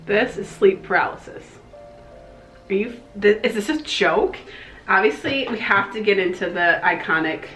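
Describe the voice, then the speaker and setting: A young woman with a twang, gushing excitedly as she reviews a makeup palette in a casual vlog. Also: medium pitch, normal speed, echoey room, soft background music, low-quality recording. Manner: gushing, excitable, slangy, with breathy exclamations. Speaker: beauty vlogger.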